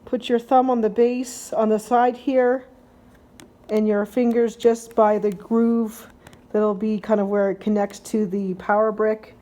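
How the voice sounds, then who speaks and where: A woman's voice: medium pitch, little pitch movement, unhurried, warm tone. A woman vlogger casually talking through a hands-on gadget demo at home, chatty and rambling, often correcting herself as she explains each step. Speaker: tech vlogger. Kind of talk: casual how-to unboxing demo. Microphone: handheld camera mic.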